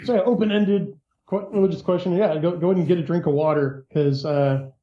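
A man guesting in an interview as an author, explaining his ideas in a measured, lecturing way. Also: fairly high pitch, steady tone, roomy sound, highs cut off.

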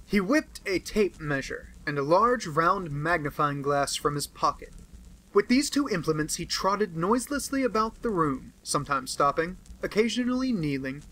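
A male narrator reads a classic novel aloud in measured, scripted storytelling. His voice is bright and crisp, pitched slightly above the usual male range. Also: expressive, rough recording. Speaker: audiobook narrator.

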